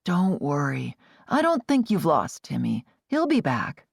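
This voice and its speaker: A woman voicing a calm, steady young Amish man who speaks in a lowered, reassuring voice. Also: a little slow, vocal fry, slightly rough, dry recording, studio quality, exaggerated voice.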